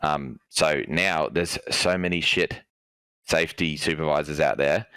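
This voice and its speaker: A man's voice: a bass voice, a little slow, sharp tone, clear, resonant tone, dry recording. A young Australian man, a podcast guest, giving blunt opinions in an easygoing way with frequent ums. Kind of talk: casual chat.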